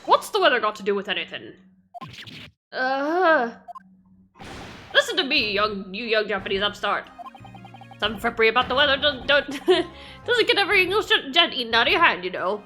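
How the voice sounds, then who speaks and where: A woman's voice: mid-range voice, lively intonation, a little slow, sharp tone, soft background music. A woman voicing a brusque, busy middle-aged male London police inspector in a clumsy put-on English accent. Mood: scolding.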